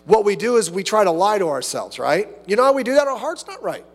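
A man preaching a sermon as pastor, animated, acting out little asides and quotes. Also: high-pitched, fast, in a large hall.

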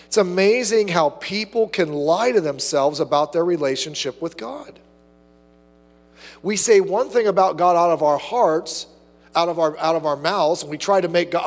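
A man preaching a sermon as pastor, animated, acting out little asides and quotes. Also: high voice, normal speed, in a large hall.

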